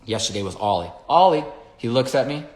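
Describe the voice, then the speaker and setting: A man's voice: medium pitch, expressive, a little fast, a little mellow, reverberant. A man who trains dogs, explaining his methods in a rambling, conversational way and acting out little scenes with the dogs. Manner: rambling, conversational, acts out dog scenarios. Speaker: dog trainer. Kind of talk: casual explanatory talk.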